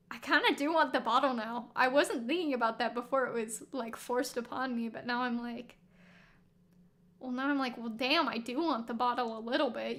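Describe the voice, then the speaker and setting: A woman's voice: on the high side, a bit bright. A woman streaming a game, chatting casually with lots of laughs and self-mocking asides. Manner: giggly, rambling, self-mocking.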